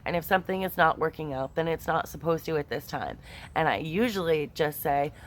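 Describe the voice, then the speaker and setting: Low-voiced chatty woman tarot reader. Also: fairly quick, a little hiss or hum. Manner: chatty and expressive, many fillers. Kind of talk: casual chat to camera.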